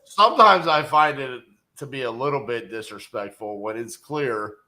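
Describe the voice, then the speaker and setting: A man's voice: mid-range voice, moderate pace, sharp tone, a little hiss or hum. A middle-aged man, co-hosting a casual livestream, joking, telling stories and greeting viewers. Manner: folksy, joking, storytelling. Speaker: co-host, real estate investor. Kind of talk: casual livestream chat reading viewer comments.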